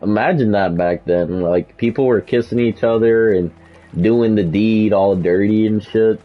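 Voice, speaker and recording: A man's voice: fairly low pitch, measured pace. Young man, game commentary, rambling, dull lo-fi mic, faint game music. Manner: rambling, laughing storyteller with many fillers. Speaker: gaming video host. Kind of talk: casual gameplay commentary.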